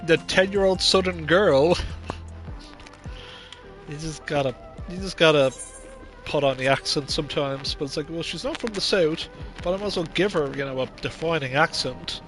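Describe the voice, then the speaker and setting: A man's voice: fairly high pitch, moderate pace, a bit bright, soft background music. A man streaming a game, talking casually in a rambling, chatty way with lots of filler words. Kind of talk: casual gameplay commentary.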